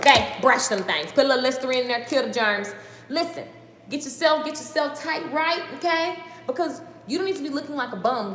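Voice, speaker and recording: A woman giving a fast, excited motivational talk in casual slang on a live stream from her home kitchen, repeating her points for emphasis. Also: on the high side, reverberant, long reverb tail, slight background noise. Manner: excited fast ranting, talks too fast.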